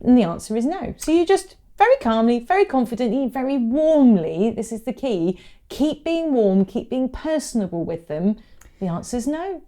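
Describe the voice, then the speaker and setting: A woman's voice: fairly high pitch, sing-song, normal speed, dark tone. A woman from the south of England, co-hosting a casual business podcast, emphatic and repeating her key points. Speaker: podcast co-host, photography business coach. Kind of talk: casual podcast advice chat.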